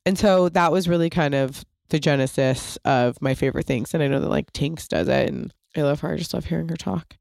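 A woman's voice: low voice, a little fast, vocal fry, few pauses, a little mellow, no echo, clean studio sound. A woman hosting a podcast in casual, rambling chat, full of "like" fillers and the odd swear word. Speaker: podcast host.

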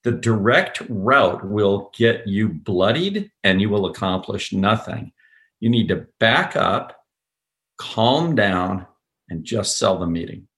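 Low-voiced emphatic man telling a story. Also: expressive, slow, a bit bright. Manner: emphatic storyteller, acts out quoted dialogue. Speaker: podcast guest, sales executive. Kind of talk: podcast interview.

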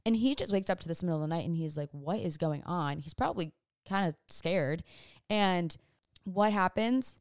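A young woman vlogger casually retelling a frightening night, animated and breathless, with lots of fillers. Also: on the low side, moderate pace, no room sound, studio quality. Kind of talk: casual storytime.

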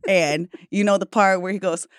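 A woman who is a guest on a podcast, chatting casually as an animated storyteller who laughs often. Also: fairly low pitch, moderate pace, no room sound, clean studio sound. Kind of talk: casual chat.

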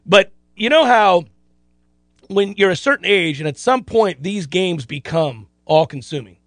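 Man, middle-aged, sports radio host, animated storyteller, high voice, dry studio sound. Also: a little slow, no room sound. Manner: animated, self-deprecating storyteller. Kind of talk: casual sports radio chat.

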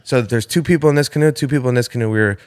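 A man's voice: mid-range voice, rapid-fire, darkish tone, clean tone. A young man telling a story to his friends in casual chat, full of swearing and filler words.

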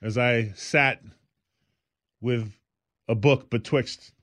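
Extremely slowly, a man in a podcast co-host role spins rambling, filler-heavy stories in casual chat. His medium-pitched voice has fairly even intonation and a fairly bright tone, with no echo and clean studio sound.

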